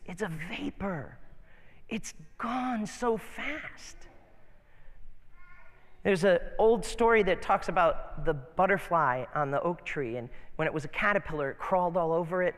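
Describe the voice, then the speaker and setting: A man in his fifties delivers a sermon in a high, bright-pitched voice, chatting his way through with homespun asides and false starts. His words ring out with a long reverb, as if in a big church sanctuary. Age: 50s. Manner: conversational preaching with folksy asides and restarts. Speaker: pastor. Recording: long reverb of a large hall.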